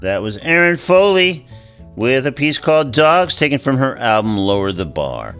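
A man hosts a radio interview show in a relaxed, halting manner, often pausing on fillers. Faint music can be heard under his voice. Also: mid-range voice, clean tone.

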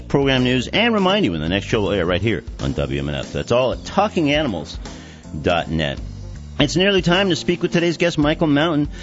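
A man hosting a radio show, reading announcements in a lively way with frequent fillers like uh and um. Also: mid-range voice, highs cut off.

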